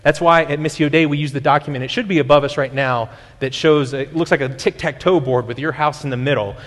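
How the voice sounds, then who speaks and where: A man's voice: on the high side, fairly even intonation, brisk, fairly bright tone. A male pastor, preaching a sermon in a conversational teaching way, often restarting his sentences. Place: church sanctuary. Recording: long hall reverb.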